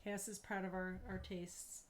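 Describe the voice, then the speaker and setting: A woman co-hosting a beer and comics stream, casual and giggly, laughing often and breaking into playful shouts. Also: mid-range voice, level tone, a little slow. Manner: playful, loud bursts of shouting. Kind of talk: casual chat.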